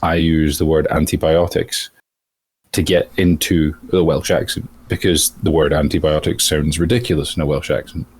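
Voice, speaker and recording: A man's voice: a bass voice, little pitch movement, normal speed, darkish tone, breathy edge. A man who works as a voice actor, explaining his craft thoughtfully in a casual interview.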